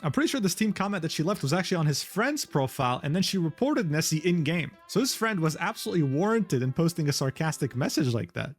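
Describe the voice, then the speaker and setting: A man's voice: a little high, very animated, quick pace, hardly any pauses. Man narrating over background music. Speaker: commentary video narrator. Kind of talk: scripted narration.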